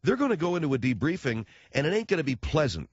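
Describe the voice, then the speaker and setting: A male talk radio host rambles through a joking monologue, his pitch leaping up and down as he riffs. The sound is dry and close, with a dull, muffled broadcast quality. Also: very animated, quick pace, no room sound. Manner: wisecracking, riffing, acts out voices.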